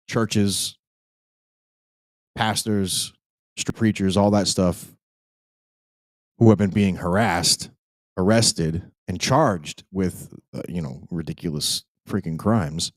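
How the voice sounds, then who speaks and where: A man's voice: sits low, dry recording. A man hosting a live podcast, rambling and emphatic, with frequent restarts. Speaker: podcast host.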